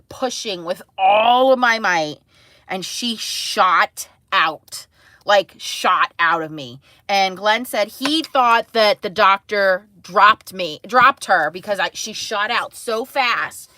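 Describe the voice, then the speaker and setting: A woman's voice: mid-range voice, sharp tone. A woman casually telling a family story to her live chat, rambling and full of filler words, laughing at herself. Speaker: mother streaming to live chat.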